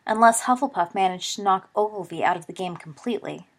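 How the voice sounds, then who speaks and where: A woman's voice: mid-range voice, fast, natural voice. A gloomy teenage boy groans his worries aloud, as a woman puts him on. His voice lifts in complaint, then sinks. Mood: glum. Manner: groaning, glum. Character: gloomy, anxious teenage schoolboy fan.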